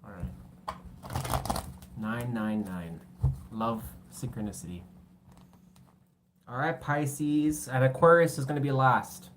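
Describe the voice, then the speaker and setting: A woman's voice: rumbling low, slow, long pauses, noisy background. A woman giving a casual tarot reading, rambling and joking between cards and swearing now and then. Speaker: tarot reader.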